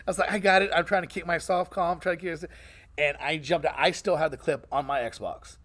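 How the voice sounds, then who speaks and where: A male streamer and interviewer with a slightly high, slightly fast voice tells a gaming story in casual chat. He's animated, acting out the voices of the people in his story.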